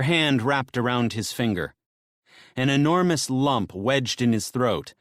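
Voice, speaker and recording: Man reading a survival thriller audiobook, tense delivery, animated pitch, dry close recording. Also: measured pace, dry recording. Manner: tense storytelling, drops low and soft in grim moments. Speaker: audiobook narrator. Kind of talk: scripted audiobook narration.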